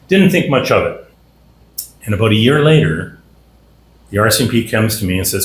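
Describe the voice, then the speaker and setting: A man's voice: medium pitch, animated, brisk, long pauses, reverberant, slight background noise, poor audio. A middle-aged Canadian man giving an after-dinner speech, telling humorous stories and acting out the people in them. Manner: folksy, humorous, acts out the people in his stories. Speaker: after-dinner guest speaker. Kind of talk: anecdotal storytelling speech. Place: dinner hall.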